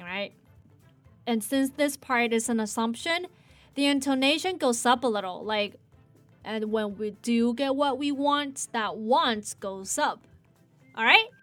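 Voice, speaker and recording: A woman hosting a casual English lesson, playful and animated, modeling sentences slowly and repeating them. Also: fairly high pitch. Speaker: English teacher.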